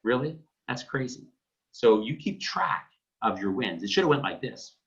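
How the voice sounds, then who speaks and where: A man's voice: medium pitch, big pitch swings, moderate pace, fairly bright tone. A man coaching realtors, blunt and emphatic, acting out phone calls with clients. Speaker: real estate coach. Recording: dull lo-fi sound.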